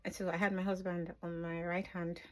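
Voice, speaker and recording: A woman's voice: lowish voice, flat delivery, fairly quick. A middle-aged woman telling her own birth story off the cuff in a vlog, emotional, sometimes dropping to a whisper. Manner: emotional, drops to a whisper at tender moments. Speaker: vlogger. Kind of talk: unscripted personal storytelling.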